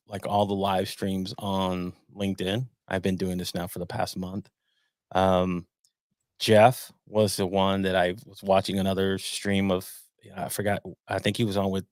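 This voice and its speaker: A man's voice: low-pitched, darkish tone, dry recording. A man as a guest on a live-stream podcast, chatting casually and rambling with frequent restarts. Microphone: home webcam setup.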